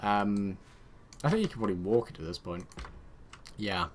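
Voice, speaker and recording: Man muttering and yelling over a strategy game. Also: on the low side, moderate pace, slight background noise. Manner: excitable, muttering, shouting orders at units. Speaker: let's play host. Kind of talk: gameplay commentary.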